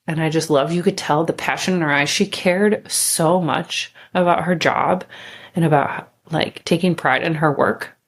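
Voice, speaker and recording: A woman podcast host telling a story in a candid, chatty way, with casual swearing and bursts of speed. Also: low-pitched.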